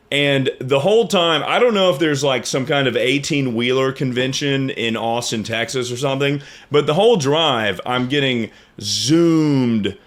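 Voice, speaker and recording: A young man telling a story in a casual, profane rant, jumping between loud outbursts and low mutters. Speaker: streamer.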